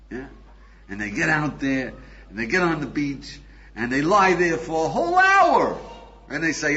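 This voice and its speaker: Animated older rabbi on lo-fi tape. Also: male voice, medium pitch, moderate pace, slight background noise. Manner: animated, acts out little scenes with voices, laughs, asks the audience. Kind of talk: recorded lecture.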